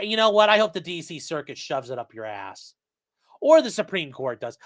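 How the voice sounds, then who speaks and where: A man hosting a legal commentary livestream, reading court orders aloud and breaking into profane, shouting tirades. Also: on the high side. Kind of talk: livestream rant.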